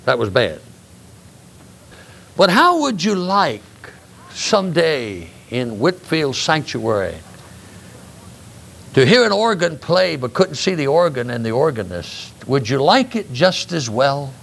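An older man, a grandfather, preaching a sermon with emphatic rises in pitch. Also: big pitch swings, takes it slowly, gravelly, long pauses, a bit bright, a little hiss or hum. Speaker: pastor.

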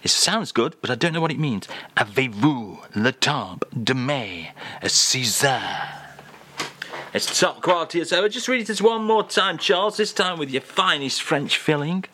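A man's voice: sits high, expressive, brisk, hardly any pauses, sharp tone, a little hiss or hum. A man hosting a comic radio chat in a jokey, mock-formal manner. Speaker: radio host.

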